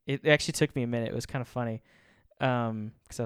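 A man's voice: a little high, moderate pace, clear, resonant tone, no room sound. Guy rambling thru a faith talk, laughs a lot, dry close sound. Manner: chuckles often, rambles with restarts. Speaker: speaker giving a faith talk.

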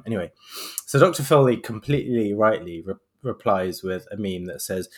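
Lively man with sardonic podcast chatter. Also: fairly low pitch, moderate pace. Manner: sarcastic, animated, rambling. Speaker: podcast host. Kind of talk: casual podcast commentary.

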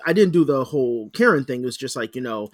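A man's voice: mid-range voice, animated, fast, no echo, clean studio sound. A man co-hosting a podcast, chatting casually and grumbling dryly as he tells a story. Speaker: podcast co-host. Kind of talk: casual chat.

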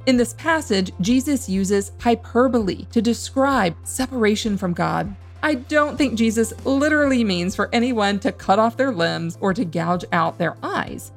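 A woman podcast host speaks in a measured, thoughtful way from a prepared script. Soft music plays faintly underneath her voice. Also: on the high side, lively intonation. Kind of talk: scripted reflective commentary.

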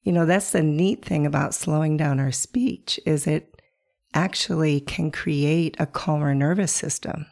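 Woman podcast host, low voice, gravelly, hoarse, calm coaching questions to the listener. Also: a little slow. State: hoarse from a bronchial virus. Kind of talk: reflective solo podcast talk.

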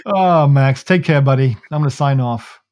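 A man's voice: medium pitch, normal speed, darkish tone, no room sound, clean studio sound. A man co-hosting a podcast, telling jokey stories in a casual chat and laughing often. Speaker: podcast co-host.

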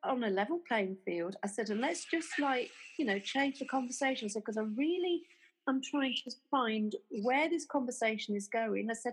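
A woman, telling a story in casual conversation. She acts out the quoted back-and-forth of an argument, talking haltingly, with fillers and restarts. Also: a little high, lively intonation, slightly rough, poor audio. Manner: retells arguments by acting out quoted dialogue.

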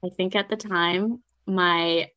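A woman's voice: fairly low pitch, slow, highs cut off. Chatty young woman telling her story. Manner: chatty, animated, acts out quoted voices, laughs often. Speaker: guest. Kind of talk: casual interview storytelling.

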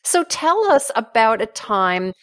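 A woman's voice: a little high, sing-song, takes it slowly. A woman from Australia hosting a casual interview podcast and asking chatty follow-up questions. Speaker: podcast host.

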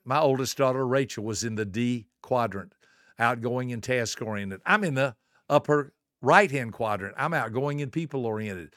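A man in his seventies hosting a motivational podcast, preaching with emphatic rhetorical questions and swinging between soft asides and booming lines. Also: dry recording, studio quality. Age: 70s. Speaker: podcast host and motivational speaker.

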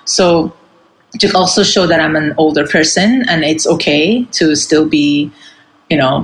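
Woman, 40s, from Iran, earnest interview guest, gravelly, faint background hiss. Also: sits low, echoey room. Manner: earnest, with many fillers and restarts. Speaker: guest singer. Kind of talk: casual conversation.

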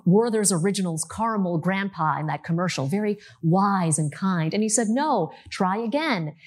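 A woman in her thirties from the United States giving a talk to an audience, telling her story in a lively, animated way. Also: lowish voice, fairly quick.

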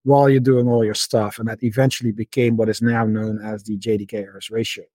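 A man's voice: fairly low pitch, level tone, fast talker, dark tone, dry recording. A man in a casual interview, explaining markets at length and often repeating words as he thinks. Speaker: interview guest, market analyst.

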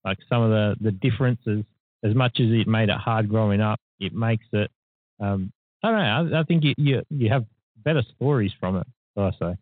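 A man hosting a casual podcast chat, rambling and thinking out loud. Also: fairly low pitch, moderate pace, dry recording. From Australia. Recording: dry, phone-like sound.

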